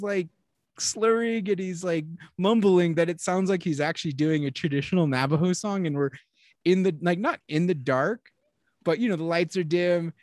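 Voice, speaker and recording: A young man co-hosting a podcast, telling a story in casual chat, animated and laughing, swearing often. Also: a little high, moderate pace, no room sound. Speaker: podcast co-host.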